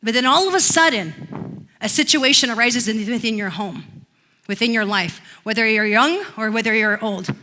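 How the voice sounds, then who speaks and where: A woman pastor preaching a sermon in church, telling stories and rising into loud declarations. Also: on the high side, normal speed. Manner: storytelling, swells to loud declarations.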